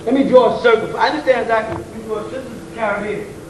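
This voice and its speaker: A man's voice: very high-pitched, racing. A man giving an informal, slangy lecture to a room of listeners. He jokes, chuckles between points and keeps asking rhetorical questions. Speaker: lecturer addressing an audience. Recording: roomy, distant, faint hiss.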